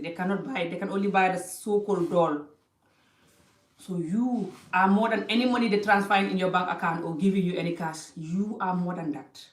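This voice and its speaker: A woman giving passionate life advice to camera. She talks emphatically, repeats phrases for stress and uses non-native English grammar. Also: fairly low pitch. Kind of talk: impassioned monologue to camera. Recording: echoey room, voice a bit distant from the mic.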